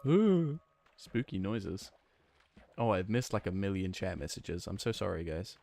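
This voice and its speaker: A man's voice: low-pitched, moderate pace, creaky, darkish tone, soft background music. A man from New Zealand with a New Zealand accent, a game streamer chatting casually and rambling playfully, thinking aloud with lots of fillers. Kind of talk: casual chat while playing and reading chat.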